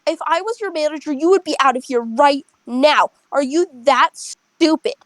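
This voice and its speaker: A woman acting out a rude, furious woman customer who berates restaurant staff in a shrill, insulting voice. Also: lively intonation, moderate pace, no echo, low-quality recording. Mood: berating.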